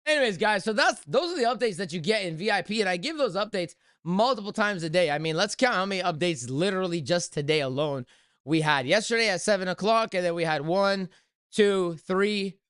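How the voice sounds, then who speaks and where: A man's voice: sits high, animated, fairly quick, fairly bright tone, clear, resonant tone, dry recording, clean studio sound. A young man hosting a live trading stream, talking energetically and chatting with viewers.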